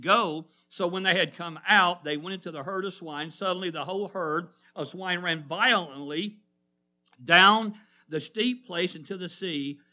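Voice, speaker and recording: Bright, high-voiced man preaching a sermon. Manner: call-and-response with the congregation, asking them to fill in words; slows down to stress key words. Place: church.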